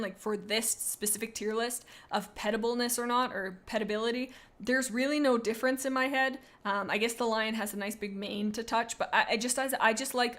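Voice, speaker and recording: A woman's voice: fairly high pitch, fairly bright tone. A young adult woman streaming live, chatting casually and rambling as she reads chat aloud.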